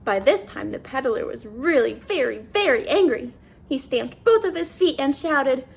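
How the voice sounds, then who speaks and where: A woman reading a children's picture book aloud, pausing to ask the listener questions. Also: high-pitched, vocal fry. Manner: animated, asks the listener questions. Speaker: children's story reader. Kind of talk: read-aloud storytime.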